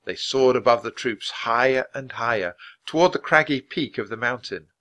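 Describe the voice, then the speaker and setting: Bright-voiced man reading a storybook. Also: mid-range voice. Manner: clear, measured, expressive reading. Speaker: storybook reader. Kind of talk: reading aloud a children's book.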